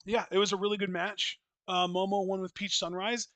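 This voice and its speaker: Bright, higher-voiced man ranting casually. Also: level tone, a little fast, no echo. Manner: opinionated, blunt and profane, rambling with restarts. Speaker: wrestling podcast co-host. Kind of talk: casual podcast chat.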